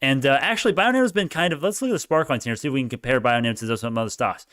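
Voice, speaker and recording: A man streams live stock commentary, talking with viewers in a very fast, mid-range voice. He swings from mumbled asides to loud cheering, argues back at comments, and laughs often.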